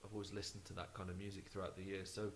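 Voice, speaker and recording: A man's voice: low voice, flat delivery, racing, slight background noise, low-quality recording. A man speaking as an interview guest, chatty and easygoing, with frequent restarts. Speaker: guest musician. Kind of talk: casual interview chat.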